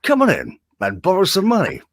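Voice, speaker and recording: Parody ad voice: a hammy male radio announcer, drawn-out and over the top, as a man puts him on. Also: high voice, huge pitch swings, fairly bright tone, no room sound, studio quality, pitched above the performer's own voice, full character voice. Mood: hammy salesman. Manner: slow, over-the-top salesy delivery.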